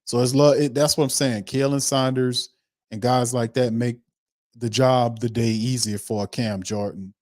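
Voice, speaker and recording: A man's voice: medium pitch, fairly even intonation, a little slow, darkish tone, dry recording. Man, sports talk host, emphatic, repetitive, dry close sound. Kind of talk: casual commentary on a played interview clip.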